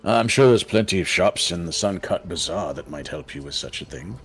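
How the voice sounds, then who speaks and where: A man's voice: low-pitched, expressive, a little fast, gravelly. A man voicing a nervous, flustered old male shopkeeper who stammers and stays overly polite in a tabletop game.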